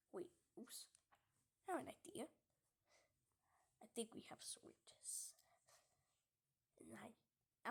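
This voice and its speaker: A woman's voice: fairly high pitch, a little mellow, husky. A young woman giving casual gameplay commentary, giggling and often dropping into half-whispered asides. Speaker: gamer.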